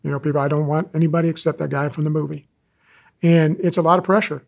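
A man in his sixties, an animal rescuer telling stories in an interview, animated and folksy. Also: on the high side, fast talker, gravelly. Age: 60s. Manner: animated, folksy storyteller, acts out quoted callers. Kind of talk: interview talk, storytelling.

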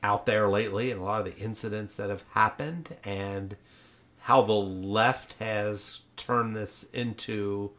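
A man's voice: on the low side, steady tone, unhurried, fairly bright tone. A man co-hosting a satirical podcast chat, playing it mock-earnest, agreeing emphatically and swearing freely. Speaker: podcast co-host.

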